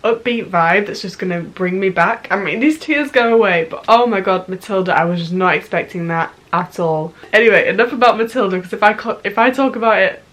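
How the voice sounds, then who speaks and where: A woman's voice: medium pitch, fairly quick, hardly any pauses, fairly bright tone, rough recording. A young woman reacting to an album at home late at night, gushing and giggly, saying "literally" constantly. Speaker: music reaction vlogger. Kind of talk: casual first-listen album reaction.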